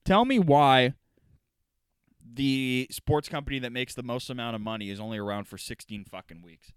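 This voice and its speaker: A man's voice: mid-range voice, moderate pace, smooth, no echo. A young man in his twenties co-hosting a podcast, talking in a casual, profane, rambling way. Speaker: podcast co-host. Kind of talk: casual chat.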